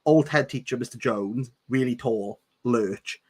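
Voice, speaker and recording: A book reviewer reads a novel aloud in a casual read-along, breaking off between passages for sarcastic, jokey commentary. His medium-pitched voice is a little slow with a breathy edge.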